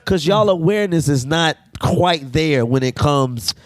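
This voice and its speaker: High-voiced man telling a story. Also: unhurried, dry recording, clean studio sound. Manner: animated, profane storytelling with voiced quotes. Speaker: podcast co-host. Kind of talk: casual storytelling chat.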